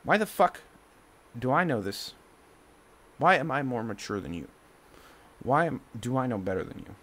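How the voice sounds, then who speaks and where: Agitated ranting man, lively pitch. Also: moderate pace. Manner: agitated, swinging between loud outbursts and low muttering, swears a lot. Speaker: streamer. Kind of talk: ranting monologue to the camera.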